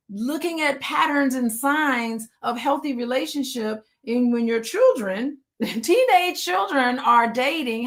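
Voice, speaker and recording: Lively woman therapist hosting a live show. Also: high voice, creaky. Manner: lively, laughs often, casual slang. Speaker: therapist and host. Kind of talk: live-streamed interview chat.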